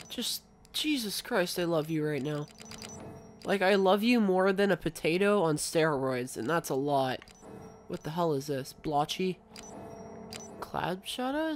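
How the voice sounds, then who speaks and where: A young man giving casual gameplay commentary, gushing with excited exclamations and coughing now and then after being ill. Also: on the high side. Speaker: gaming YouTuber.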